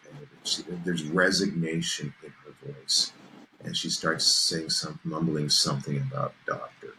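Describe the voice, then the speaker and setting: A man with a low, deep voice and a bright, forceful edge, spinning an eerie tale on a podcast. He builds suspense, pauses to ask "okay?", and leans into the drama. A faint hiss of noise sits behind him. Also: steady tone, low-quality recording. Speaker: podcast host. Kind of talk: casual storytelling chat.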